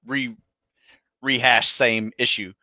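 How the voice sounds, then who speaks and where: A man co-hosting a casual business chat, telling a story in a relaxed, conversational way. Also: mid-range voice, takes it slowly. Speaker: podcast co-host.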